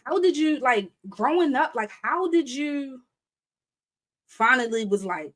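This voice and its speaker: A woman's voice: sits high, lively intonation, a little slow, a bit bright. A young adult woman hosting a casual live-stream chat, talking animatedly, laughing often and reading viewer comments aloud. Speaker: live show host.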